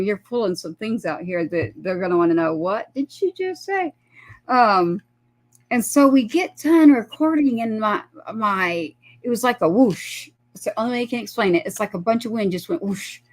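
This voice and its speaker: A talk show guest with a mid-range voice, speaking at normal speed, chats casually through a personal story. She gets animated and performs the lines of the people she describes.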